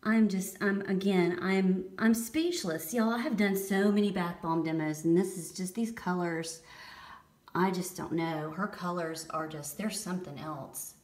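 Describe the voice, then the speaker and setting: A middle-aged woman, gushing over a bath product demo and shifting between hushed whispers and excited exclamations. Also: fairly low pitch, normal speed. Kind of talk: casual demo commentary. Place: bathroom by a tub. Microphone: handheld camera held away. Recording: echoey bathroom, mic at a distance.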